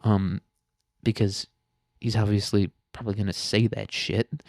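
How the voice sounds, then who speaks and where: A man riffing on the news in a blunt, crude, sarcastic way. His voice is low and mellow. The sound is dry and close. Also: flat delivery, measured pace, gravelly, dry recording. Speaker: podcast host. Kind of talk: casual current-events commentary.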